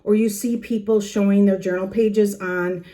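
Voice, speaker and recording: A woman's voice: mid-range voice, fairly even intonation, normal speed, dark tone. A middle-aged woman hosting her own journaling channel, talking earnestly to the camera in her planner room at home, chatty, with small laughs and restarts. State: a little out of breath. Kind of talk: casual heartfelt talk to camera. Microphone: camera facing her.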